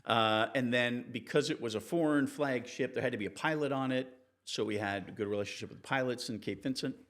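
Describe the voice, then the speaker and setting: A man, a TV reporter and interview guest, telling anecdotes in a relaxed, animated way and acting out the people he quotes. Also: brisk. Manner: animated, acts out quoted people with raised pitch. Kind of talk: conversational storytelling in an interview.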